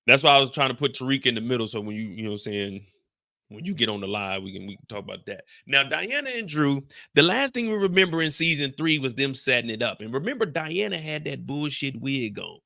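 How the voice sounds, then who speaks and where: A young man recapping a TV episode on a live stream, telling it in an animated, profane way and talking to his chat. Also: mid-range voice, fairly quick, gravelly.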